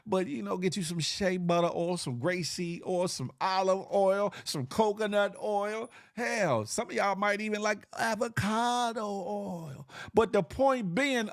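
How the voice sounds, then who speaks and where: A man's voice: dry recording, clean studio sound. A man with a Southern US accent hosting a casual morning live stream, reading chat comments aloud and laughing often. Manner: animated, laughing, big pitch swings.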